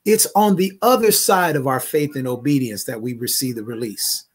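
A man who is a prophetic minister delivers a prophetic word and prayer, repeating phrases and building to loud, emphatic declarations. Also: mid-range voice, normal speed, slightly rough.

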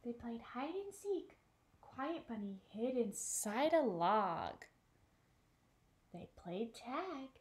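Woman librarian, storytime reader, high and very expressive, slow and unhurried, checks in with a child. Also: a little hiss or hum. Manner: animated, talks to a child listener. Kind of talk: reading a picture book aloud.

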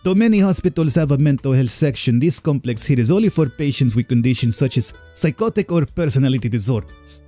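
A man's voice: medium pitch, lively intonation, brisk, few pauses, warm tone, faint music behind, lightly acted. Man putting on a cheery Spanish-accented doctor. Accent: put-on Spanish-type accent. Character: eager upbeat male psychiatrist.

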